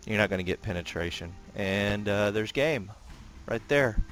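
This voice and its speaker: A man with a low, deep voice chats casually while he plays a naval warfare game, drifting between tactics and stories with plenty of "uh"s and restarts. Faint game music hums underneath his voice. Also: normal speed. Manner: relaxed rambling, frequent fillers and restarts. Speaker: gameplay commentator. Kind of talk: casual gameplay commentary.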